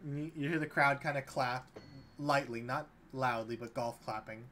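A man serving as game master, narrating a tabletop game in a relaxed, loose way. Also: mid-range voice, normal speed, slight background noise.

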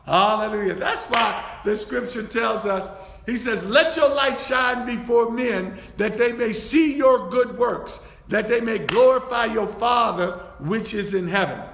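A man's voice: very high voice, unhurried, creaky, a bit bright, a little hiss or hum. A man preaching a sermon as a bishop-elect, repeating his phrases and breaking in with praise. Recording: echoey church hall.

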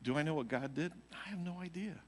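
A man's voice: fairly high pitch, fast talker. A man, a worship leader, telling a rambling personal testimony to a church congregation, full of fillers like "you know". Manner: rambling storytelling, heavy on fillers. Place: church sanctuary. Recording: live church stream with long hall reverb.

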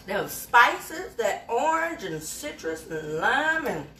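A woman's voice: on the high side, very animated, slow, bright, forceful tone, echoey room, a little hiss or hum. A woman hosting a casual livestream from her kitchen on a phone, folksy and easygoing, calling people honey and child. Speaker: home cook hosting a livestream. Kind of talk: casual cooking chat.

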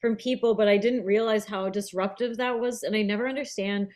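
A woman chatting casually as a podcast co-host, blunt and animated, swearing freely as she talks. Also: mid-range voice, fairly quick. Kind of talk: casual chat.

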